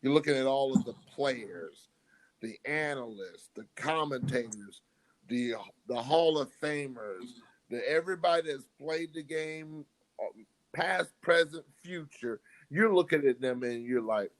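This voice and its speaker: A man's voice: mid-range voice, animated, a little slow, low-quality recording. A man co-hosting a sports podcast, ranting in exasperation and tripping over repeated words. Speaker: podcast co-host. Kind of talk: heated casual sports chat.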